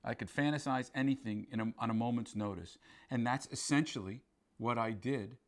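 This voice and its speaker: A man's voice: mid-range voice, fairly quick. A male actor telling stories in an interview, with an intense, emphatic manner. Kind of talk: interview recollection.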